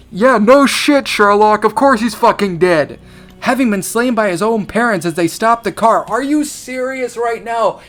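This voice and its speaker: A man's voice: high voice, fairly bright tone. A man commenting on a horror story as he reads it aloud, exasperated and sarcastic, swearing often.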